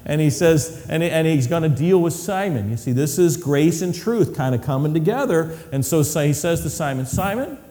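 A middle-aged male pastor delivers a storytelling sermon, slipping into little acted voices and chuckling along the way. His voice sits a touch high and swoops widely in pitch. The sound carries the long echo of a large hall. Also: normal speed, hardly any pauses. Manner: animated storyteller, acts out voices and laughs often.

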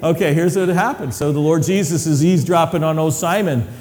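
A middle-aged male pastor preaching an animated sermon, acting out voices and laughing often as he tells stories. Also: fairly high pitch, fairly quick, long reverb tail.

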